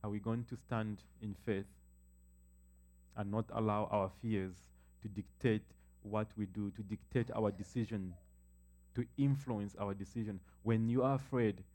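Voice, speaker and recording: A man preaching a sermon as pastor, building emphasis and slowing down to read scripture aloud. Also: on the low side, warm tone.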